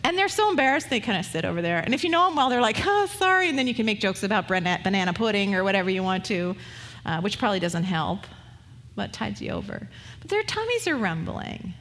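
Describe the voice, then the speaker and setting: A woman's voice: mid-range voice, big pitch swings, fast talker, fairly bright tone, long reverb tail. A woman pastor preaching a sermon in a conversational, humorous way, acting out the voices she quotes.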